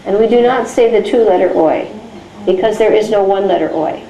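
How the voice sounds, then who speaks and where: A woman teaching a class, slowly dictating phonics sounds for a test and explaining how each is said. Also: medium pitch, echoey room, a crowd in the background, low-quality recording. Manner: slow, deliberate dictation of sounds.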